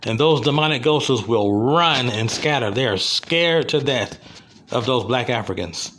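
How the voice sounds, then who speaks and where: A man's voice: mid-range voice, expressive, unhurried, a bit bright, slight background noise. An American man delivering a rambling, impassioned video commentary, repeating himself as he goes. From USA. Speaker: vlogger.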